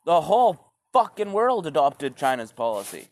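A man's voice: on the high side, big pitch swings, moderate pace, darkish tone, no room sound. A man delivering a profane, sarcastic stand-up rant, rambling and swearing often. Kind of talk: profane ranting stand-up monologue.

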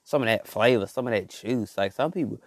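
A man's voice: fairly low pitch, brisk, no room sound, studio quality. A man ranting in a loose, rambling comic monologue, full of slang and filler words. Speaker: podcast host. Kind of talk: comedic rant monologue.

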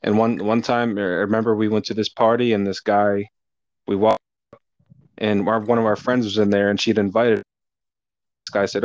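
A man's voice: lowish voice, little pitch movement, moderate pace, pauses often, no echo. Young man, dull lo-fi recording. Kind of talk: casual conversation. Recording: dull lo-fi sound.

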